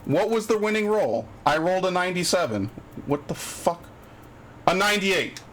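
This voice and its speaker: A man's voice: sits high, expressive, normal speed, fairly bright tone, a little hiss or hum. A man streaming a game live, commenting as he plays, swearing freely and griping sarcastically about his bad luck. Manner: profane, easily frustrated, sarcastic.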